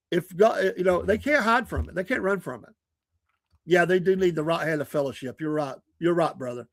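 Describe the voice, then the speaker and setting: A man hosts his own live podcast, talking earnestly and at length while often laughing at himself. His voice sits a little higher than most men's. The sound is dry and close to the mic. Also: brisk, gravelly, no echo. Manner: earnest, rambling, self-deprecating, laughs often. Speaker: podcast host. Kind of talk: casual talk on a live stream.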